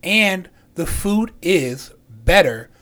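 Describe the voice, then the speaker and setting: A man's voice: high-pitched, expressive, extremely slow, a bit bright. Laughing man in a casual chat. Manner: laughs often, argues back. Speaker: podcast co-host.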